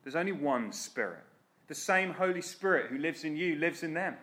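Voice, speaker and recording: A man's voice: fairly high pitch, expressive, moderate pace, a bit bright. Guy preaching, earnest and direct, kinda pushy. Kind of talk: sermon.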